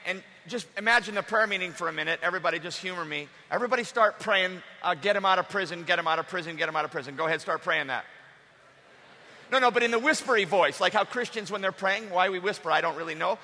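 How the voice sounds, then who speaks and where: A male pastor preaching a lively sermon, acting out the story and drawing the congregation in. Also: high-pitched, brisk. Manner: animated, acts out the story with the congregation. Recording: echoey hall.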